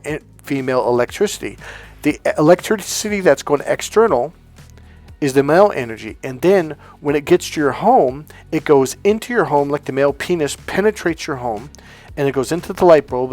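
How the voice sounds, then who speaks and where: A man's voice: fairly high pitch, darkish tone. A man giving a blunt, profane, emphatic coaching talk as a love coach. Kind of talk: coaching monologue.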